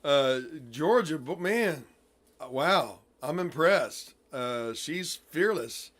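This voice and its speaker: A man hosting a casual interview, talking emphatically and excitably and laughing often. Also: on the high side, extremely slow. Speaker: host.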